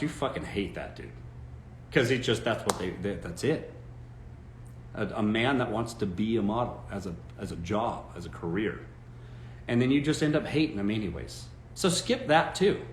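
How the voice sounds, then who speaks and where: A man's voice: mid-range voice, roomy sound, slight background noise. A man hosting a live stream, giving dating advice in a blunt, emphatic rant and swearing freely. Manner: blunt, emphatic, swears, mocking quoted voices.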